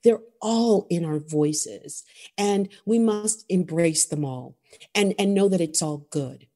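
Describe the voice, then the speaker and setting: A middle-aged woman from New York, a vocal coach, talking in an animated, emphatic way with a New York accent and repeating phrases for emphasis. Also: lowish voice, takes it slowly. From New York, USA. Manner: expressive, emphatic, laughs often, repeats for emphasis. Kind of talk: animated interview conversation.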